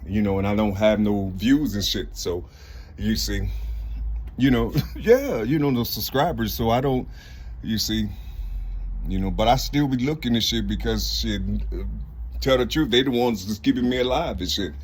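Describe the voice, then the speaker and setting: A man's voice: on the low side, normal speed. An older man talking to the camera in a rambling casual monologue, repeating "you see" and swearing a lot. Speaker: vlogger.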